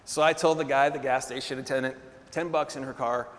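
A man preaching a sermon, telling a story with animated energy, laughing often and calling for responses from the congregation. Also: mid-range voice, fairly quick. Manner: laughs often between phrases. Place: church hall. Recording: long hall reverb.

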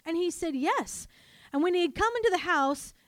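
A woman preaching a sermon, animated and calling on her congregation to answer back. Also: very high-pitched, fast talker, dry recording, clean studio sound. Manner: animated, calls for congregation responses. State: coughing, choked up.

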